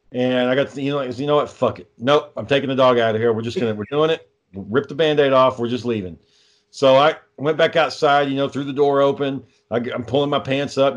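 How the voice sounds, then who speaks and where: A young man telling a story in casual chat, swearing often and sounding exasperated. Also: mid-range voice.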